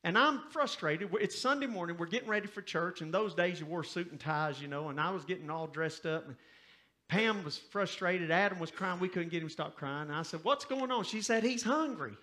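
Pastor preaching, bright sharp voice, emphatic and joking with the crowd. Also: male voice, fairly high pitch, fairly quick. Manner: folksy, emphatic, joking asides to the congregation. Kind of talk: sermon storytelling.

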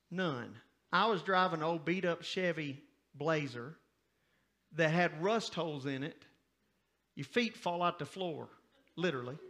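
A man's voice: fairly high pitch, bright, forceful tone. A middle-aged man, a pastor preaching a folksy, emphatic sermon story with joking asides to the congregation.

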